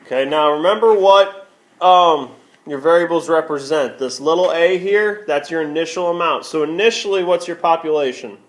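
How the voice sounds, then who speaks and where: A man's voice: a little high, normal speed. A male math teacher talking through a screencast lesson, asking questions and answering them himself, with many okays. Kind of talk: screencast lesson explaining on a tablet.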